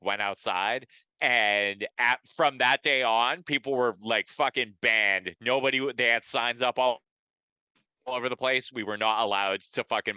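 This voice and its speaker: A man with a low, bright and crisp voice, co-hosting a comedy podcast. He reads odd news stories and then riffs on them in a loose, profane way. The sound is dry and close to the mic. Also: no room sound, rough recording. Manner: profane, riffing, animated storyteller. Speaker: podcast co-host. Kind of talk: casual comedic chat, reading news.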